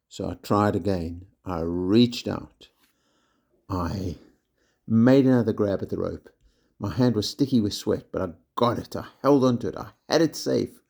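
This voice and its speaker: Low gravelly man reading a story. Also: moderate pace. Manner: steady first-person narration. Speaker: primary school teacher reading aloud.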